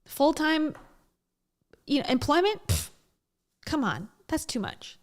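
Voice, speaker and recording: A woman's voice: high-pitched, wildly swooping pitch, slow pace. A woman hosting her own channel, talking in a chatty, joking, casual commentary style. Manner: chatty and joking, with frequent laughs and restarts. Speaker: vlogger host.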